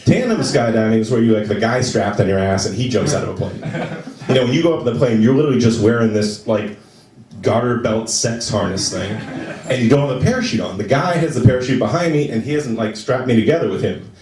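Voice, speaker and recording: A man performing a stand-up comedy set on a club stage, talking to the audience and jumping into high voices for the people he quotes. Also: lively intonation, fast, crowd noise. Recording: roomy live club sound from a distance. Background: audience laughing.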